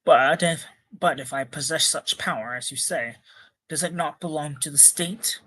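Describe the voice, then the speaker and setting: A man's voice: on the high side, moderate pace, pushed and bright, husky. A man reading the part of an earnest young farm man torn about leaving home, in his own plain voice.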